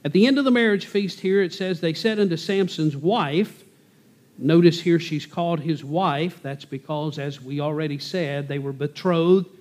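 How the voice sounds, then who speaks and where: Casting: male Bible teacher, somewhat high voice, folksy and conversational, explaining each verse plainly. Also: normal speed, hardly any pauses, a little mellow.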